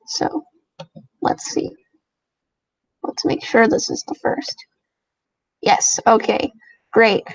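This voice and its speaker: A woman's voice: on the high side, no echo, highs cut off. A young woman streaming a casual reaction, reading fanfiction aloud and chatting emotionally to herself.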